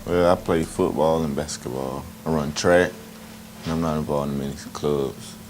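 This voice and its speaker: Teen boy, extremely deep voice, laid-back, short answers, room noise. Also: steady tone, normal speed, darkish tone. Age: teens. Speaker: student guest.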